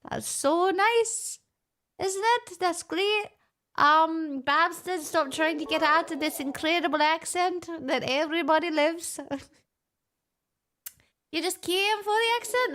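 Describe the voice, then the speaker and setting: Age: adult. Sex: a woman putting on a fake Irish brogue. Pitch: high. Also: fairly bright tone. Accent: exaggerated fake Irish. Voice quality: hammy, self-mocking, sing-song. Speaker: streamer. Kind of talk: live stream chat.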